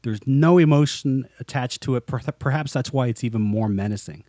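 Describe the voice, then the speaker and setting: A man's voice: medium pitch, a little fast, warm tone, no room sound, clean studio sound. A man co-hosting a podcast, chatting casually and enthusiastically, acting out quotes. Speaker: podcast co-host. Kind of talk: casual chat.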